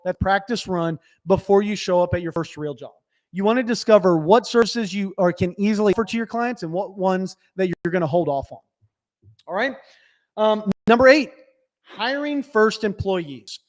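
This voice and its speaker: A man's voice: high-pitched, moderate pace. A man coaching small business owners on a live stream, direct and instructive, often checking in with "right?". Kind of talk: live webinar teaching.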